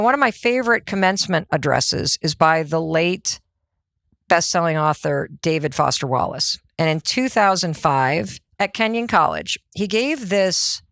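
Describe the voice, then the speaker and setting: Energetic woman podcast host, dry studio sound. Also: lowish voice, no echo. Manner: energetic, conversational, rhetorical questions. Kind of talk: motivational podcast monologue.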